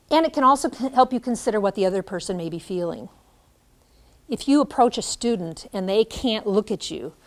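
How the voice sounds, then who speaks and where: Middle-aged woman, teacher educator, lively classroom lecture, acts out examples. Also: medium pitch. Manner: animated, demonstrates by acting out lines.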